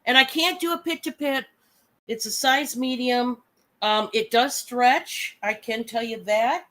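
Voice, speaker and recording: A hoarse woman with a cold, her voice deepened, chatting and gushing as she hosts a live sale. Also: unhurried, sharp tone. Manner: chatty, laughing, gushing over items. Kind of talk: casual live selling chat.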